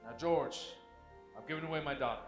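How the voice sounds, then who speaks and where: A teenage boy playing a calm father soothing his daughter in a high school stage play. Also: fast talker, faint music behind, lightly acted. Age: teens. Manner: soothing, reassuring. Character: steady father of the bride. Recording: echoey auditorium stage.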